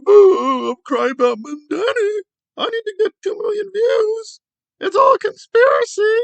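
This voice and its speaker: A man's voice: very high-pitched, expressive, measured pace, creaky, dry recording, pitched above the performer's own voice, heavily acted. A man mockingly voicing a self-pitying man who wails and sobs. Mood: mock crying. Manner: mocking wail.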